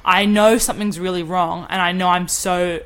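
A woman's voice: fairly low pitch, steady tone, brisk, fairly bright tone. A woman co-hosting a podcast, talking in a weary, resigned way with frequent sighs. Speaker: podcast co-host. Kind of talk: casual podcast chat.

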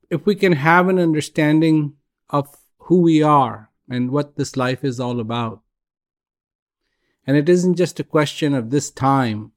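Speaking at medium pitch, a man offers a gentle, reflective spiritual talk as part of a regular broadcast. He pauses often, moving in brief, halting phrases.

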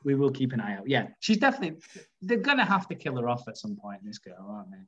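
Chatty podcast host, dull sound. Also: male voice, mid-range voice, big pitch swings, quick pace, fairly bright tone. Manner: chatty, laughs often, frequent fillers. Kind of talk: casual podcast chat.

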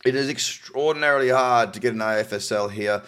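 A man's voice: medium pitch, fairly quick, fairly bright tone, clear, resonant tone. A middle-aged Australian man casually reading out news articles and adding cynical, wry asides. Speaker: crypto news commentator.

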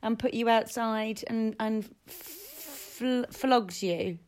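Slow-talking woman, teasing. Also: on the high side, a little mellow. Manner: teasing, quick to laugh. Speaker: podcast co-host. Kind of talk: casual chat.

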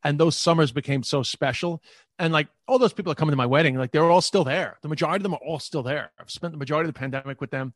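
A man talking casually as an interview guest, rambling and filling pauses with lots of filler phrases. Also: a little high, no echo, studio quality.

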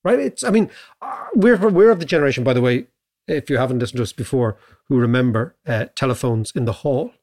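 A middle-aged Irish man co-hosting a podcast in casual chat. He muses aloud and keeps checking in with a quick "right?". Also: medium pitch, expressive, a little mellow. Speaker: podcast co-host.

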